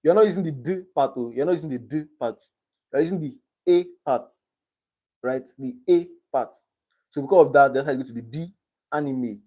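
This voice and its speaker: A man's voice: mid-range voice, brisk, dark tone. Young man tutoring on a live stream. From Nigeria. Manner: reads quiz options aloud and checks understanding.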